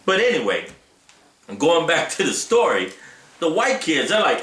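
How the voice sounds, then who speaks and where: A man vlogging in a casual storytelling style, animated and often adding "right?" as he talks. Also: a little high, measured pace, long pauses, echoey room. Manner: animated, tags lines with "right?". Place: Japan.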